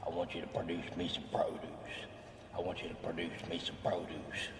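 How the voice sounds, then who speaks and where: A man's played voice message, repeating the same demand over and over in a flat, insistent way. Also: deep voice, fairly quick, creaky, noisy background. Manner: monotone, insistent repetition. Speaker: viewer voice message. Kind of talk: played voice command. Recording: echoey distant clip with music.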